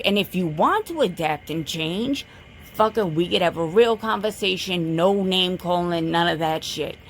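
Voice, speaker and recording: A woman vlogger delivering a blunt, profane, confrontational rant, lecturing and repeating her points for emphasis. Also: mid-range voice. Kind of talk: direct-to-camera rant.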